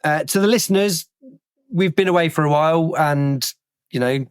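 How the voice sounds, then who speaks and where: A man's voice: on the high side, normal speed, smooth, dry recording, studio quality. A man hosting a football podcast, chatting casually with many fillers and restarts. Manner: rambling, full of fillers and restarts. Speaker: podcast host. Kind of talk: casual chat.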